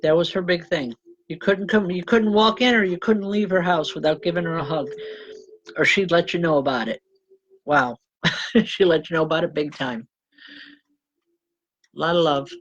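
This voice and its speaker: A woman's voice: fairly low pitch, moderate pace, long pauses, highs cut off. A woman reverend giving live spiritual readings to viewers. She talks informally, uses endearments like hon and babe, and breaks in with ums and restarts. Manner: chatty and informal, calling people hon and babe, with frequent ums and self-corrections; often laughs and apologizes to the audience.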